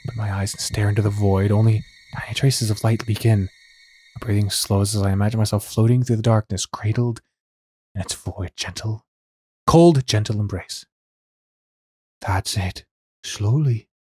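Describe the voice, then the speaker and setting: A man's voice: on the low side, steady tone, moderate pace, long pauses, a little mellow, breathy edge, dry recording. A man hosting a let's play, reading a visual novel aloud and commenting casually, swearing a lot in a laid-back, rambling way.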